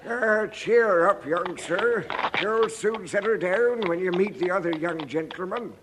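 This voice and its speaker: A man playing a deferential, gossipy chauffeur in a 1950s radio comedy, talking to a young boy. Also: sits high. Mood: chatty. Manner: slow, chatty, deferential. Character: slow, gossipy male family chauffeur. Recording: crackly old radio broadcast recording.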